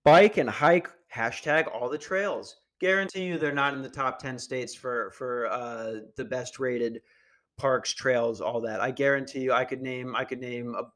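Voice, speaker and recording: A man's voice: mid-range voice, unhurried, a bit bright. A young man hosting a podcast, ranting casually in a crude, meandering and sarcastic way. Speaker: podcast host. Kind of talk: casual rant.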